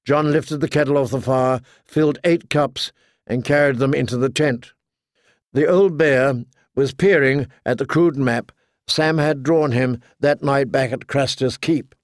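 A man reading a story aloud as narrator, with steady storytelling. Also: medium pitch, unhurried, no echo, clean studio sound. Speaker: audiobook narrator. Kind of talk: scripted narration.

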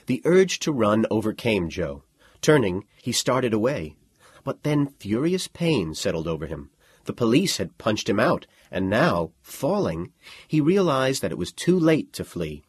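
A man reads fiction aloud with a deep, husky voice that swings widely in pitch, dramatic and expressive. The recording is dry and close, with no room around it. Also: a little slow, dry recording. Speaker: narrator. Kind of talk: audiobook narration.

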